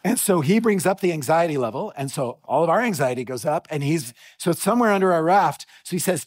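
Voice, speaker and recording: A middle-aged man preaching a sermon in a church, telling a story with animated energy and frequent restarts. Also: a little high, normal speed. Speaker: pastor.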